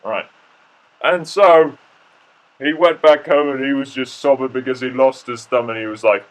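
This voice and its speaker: A man's voice: medium pitch, fairly even intonation, normal speed. Rambling man telling a silly story. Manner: rambling, jokey, with profanity and restarts. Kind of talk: mock-documentary comic narration.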